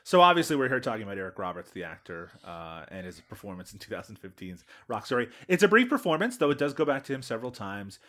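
A man hosting a podcast in a playful, mock-dramatic way. His pitch swings widely as he builds up big pronouncements. He swears freely and casually. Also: very animated, quick pace, hardly any pauses, sharp tone. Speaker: podcast host.

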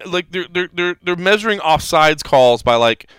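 A man hosting a casual podcast, animated and chatty, often repeating words as he thinks aloud. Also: fairly high pitch, moderate pace, clean tone, no echo, faint music behind. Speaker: podcast host. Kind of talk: casual chat.

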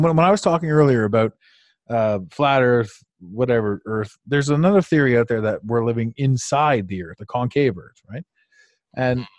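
A man's voice: medium pitch, a little mellow, dry recording. A male podcast host with an ordinary mid-range voice, recorded close and dry. He talks loosely and at length, swearing, laughing and restarting his sentences as he goes. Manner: rambling and profane, with lots of restarts and laughter. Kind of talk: casual conversational interview.

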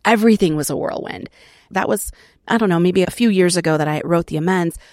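A middle-aged woman sharing her recovery story in an earnest, reflective way, with soft laughs between phrases. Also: fairly low pitch, a little fast, dry recording, clean studio sound. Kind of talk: personal testimony.

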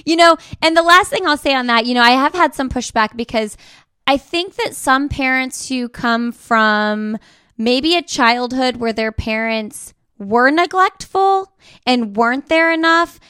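Podcast host lady, higherish smooth voice, chatty and candid, dry close sound. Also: unhurried, bright, forceful tone, dry recording. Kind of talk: conversational podcast interview.

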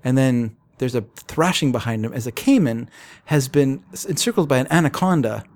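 A man in casual chat, retelling a comic's plot in a relaxed storytelling way with fillers. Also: mid-range voice, moderate pace. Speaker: podcast co-host.

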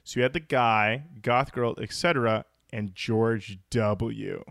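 A man co-hosting a podcast in a relaxed, joking manner, reading out listener comments and riffing on them. His voice sits at an ordinary middle pitch and sounds close and dry, with no room around it. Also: slow pace, gravelly, no room sound. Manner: reads listener comments aloud with jokey asides. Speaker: podcast co-host. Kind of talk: casual comedic chat.

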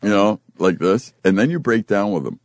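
Older man telling lively stories. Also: lowish voice, normal speed, dry recording. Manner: animated storyteller who acts out quotes. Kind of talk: casual storytelling chat.

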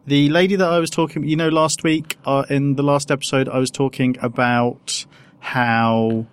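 A man's voice: mid-range voice, steady tone, normal speed, clear, resonant tone. A man co-hosting a casual podcast, talking in a hesitant, rambling way full of restarts. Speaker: podcast co-host. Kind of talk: casual chat.

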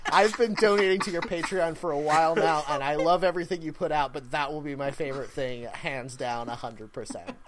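A man hosting a podcast in a casual, rambling chat, often pausing on fillers. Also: on the high side, crowd noise. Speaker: podcast host.

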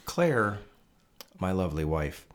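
A man co-hosting a podcast in casual chat. He talks in an excitable, profane way and builds into rants. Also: low-pitched, takes it slowly. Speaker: podcast co-host.

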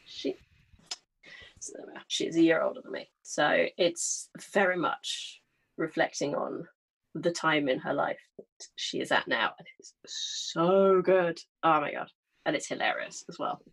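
Middle-aged female co-host, husky low voice, lively enthusiastic conversational delivery. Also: normal speed. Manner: animated, enthusiastic, stammering starts. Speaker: podcast co-host. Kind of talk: casual chat.

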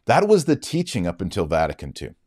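Deep-voiced man telling an indignant story. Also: huge pitch swings, fairly quick, a little mellow, no echo, studio quality. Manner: emphatic, indignant retelling. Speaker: Catholic commentator. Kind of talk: storytelling monologue.

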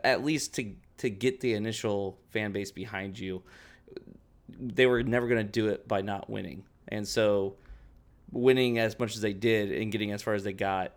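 Man, podcast co-host, low voice, earnest, conversational, some stammering. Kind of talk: casual chat.

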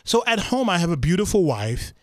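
Chatty, fairly high-voiced man. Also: big pitch swings, fairly quick, dry recording, clean studio sound. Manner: chatty, laughs easily, lots of fillers. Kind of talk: casual chat. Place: studio.

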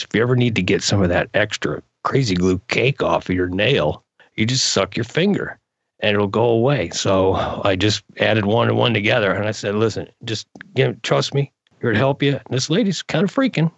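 A man guest on a podcast, casually telling animated stories with laid-back slang. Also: mid-range voice, gravelly, husky, no echo, highs cut off. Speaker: podcast guest, frisbee freestyler. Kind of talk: casual storytelling.

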